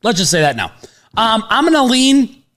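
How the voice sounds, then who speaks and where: A man hosting a sports betting podcast, talking in animated, casual banter with easy laughter and a habit of hedging his picks. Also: very high voice, normal speed.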